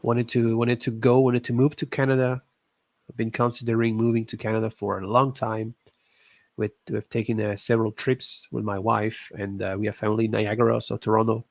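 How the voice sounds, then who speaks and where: A man with a French accent, a native French speaker, chatting casually as a livestream host in halting English, often stopping to search for words. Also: lowish voice, level tone, creaky, no room sound. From Alsace, France. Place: home in Montreal.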